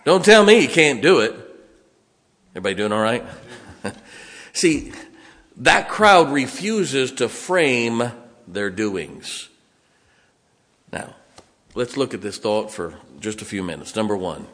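A man's voice: mid-range voice, lively intonation, a little slow, long pauses, a bit bright. An older man preaching a sermon as pastor, telling folksy stories in a plain-spoken way and asking the congregation questions. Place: church sanctuary. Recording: long reverb in a church hall.

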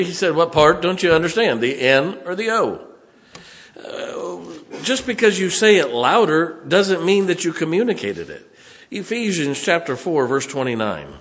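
A man's voice: on the high side, fairly bright tone, long reverb tail. A middle-aged male pastor, preaching a sermon in a church with folksy, conversational stories. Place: church sanctuary.

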